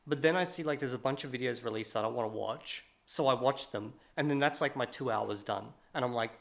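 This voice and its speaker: Give me a candid man chatting to his vlog camera, thinking out loud, at an ordinary pitch. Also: fairly quick, gravelly. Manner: candid, rambling, thinking aloud. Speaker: language-learning vlogger. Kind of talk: casual vlog talk to camera.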